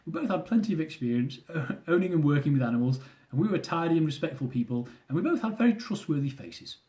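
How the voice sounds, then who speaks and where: Brief: male author reading his funny memoir, high-ish voice, very expressive. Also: quick pace. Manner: comic, animated storytelling.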